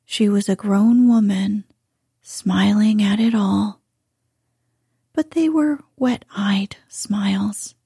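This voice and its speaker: A woman reading a bedtime story aloud in a soft, hushed, drawn-out delivery. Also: medium pitch, gravelly, breathy edge, no echo, clean studio sound.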